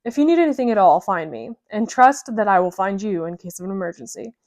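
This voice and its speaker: A woman's voice: mid-range voice, expressive, fast, a little mellow, natural voice. A woman voicing a polite, reassuring male ship's first mate in an audiobook. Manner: courteous, reassuring.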